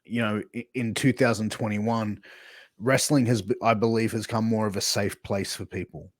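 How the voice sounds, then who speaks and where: Probing low-voiced male podcast co-host. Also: fairly even intonation, moderate pace, no room sound, studio quality. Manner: probing, asks long layered questions. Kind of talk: casual podcast conversation.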